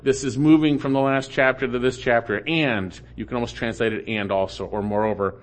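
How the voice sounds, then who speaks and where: A man's voice: medium pitch, fairly even intonation, fairly quick. A man preaching an expository sermon, explaining the Hebrew text and repeating key phrases with rising emphasis. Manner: explains Hebrew grammar in a teaching tone. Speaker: pastor.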